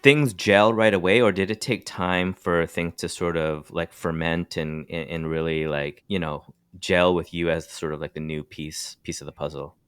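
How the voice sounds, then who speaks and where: A man's voice: sits low, steady tone, moderate pace, few pauses, fairly bright tone, clean tone, no room sound. A man hosting a podcast, asking loose, friendly questions with many fillers. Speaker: podcast host. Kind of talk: interview host.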